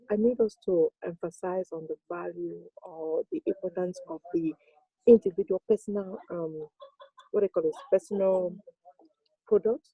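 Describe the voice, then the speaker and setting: A woman speaks on a team video call in a low, very mellow voice with a husky edge. She sounds earnest and humble, sometimes halting over her words. The sound is dry and close. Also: dry recording, low-quality recording. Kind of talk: casual talk on a video call.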